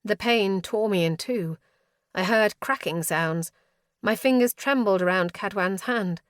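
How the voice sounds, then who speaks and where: A woman's voice: medium pitch, unhurried, no echo, clean studio sound. Woman narrating a tense fantasy audiobook. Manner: tense, dramatic delivery. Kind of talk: scripted first-person fantasy narration.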